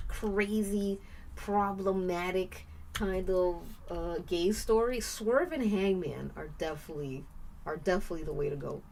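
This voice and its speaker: A young woman talks casually to her live-stream audience, rambling through her thoughts with plenty of fillers. She speaks slowly, but her pitch is very animated. Excitement makes her squeal. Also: a little hiss or hum. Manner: rambling and chatty, lots of "like" and "um".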